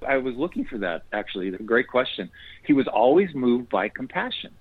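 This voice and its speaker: A man's voice: mid-range voice, very animated, a little fast, husky, dry recording. A man speaking as a guest in a faith conversation, earnest and preacherly, quoting scripture as he explains. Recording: tinny phone line, dry.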